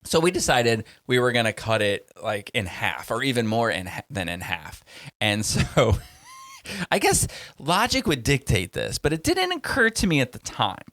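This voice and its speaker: A man co-hosting a podcast, chatting casually and telling stories full of quick asides. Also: medium pitch, huge pitch swings, fairly bright tone. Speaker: podcast co-host. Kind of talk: casual chat.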